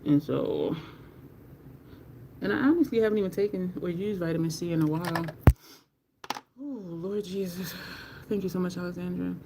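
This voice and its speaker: A woman's voice: fairly low pitch, a little fast, gravelly, noisy background. A teary woman, chatting candidly on a makeup livestream, swearing casually and thanking viewers in chat. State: teary, near crying.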